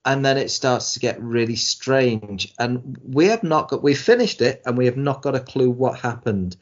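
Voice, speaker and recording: A man chatting about television, tumbling over his words with lots of restarts and an exasperated edge. His voice sits at an ordinary middle pitch. The recording sounds dull and lo-fi. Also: lively intonation, moderate pace. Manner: rambling, frequent restarts, exasperated. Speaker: podcast co-host. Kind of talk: casual chat reviewing TV shows.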